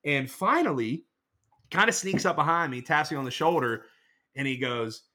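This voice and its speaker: A man in casual podcast chat, telling a rambling, animated story. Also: a little high, normal speed.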